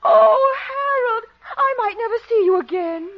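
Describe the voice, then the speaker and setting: A woman's voice: on the high side, sing-song, slow. A woman playing a sweet, coy young dancing teacher in a radio comedy, gushing sweetly. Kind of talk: 1940s radio acting. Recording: muffled old radio broadcast.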